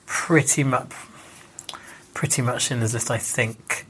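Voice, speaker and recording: A man's voice: mid-range voice, little pitch movement, normal speed, fairly bright tone, slight background noise. A man, a podcast guest in casual conversation, who talks hesitantly with lots of restarts and "sort of" fillers.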